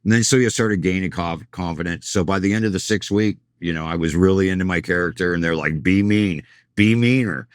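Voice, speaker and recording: A man's voice: deep voice, steady tone, quick pace, hardly any pauses, smooth, no echo, studio quality. A middle-aged man, a tour manager, telling rambling anecdotes in a casual interview and acting out what others said. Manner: rambling anecdotal storyteller, acts out quoted lines.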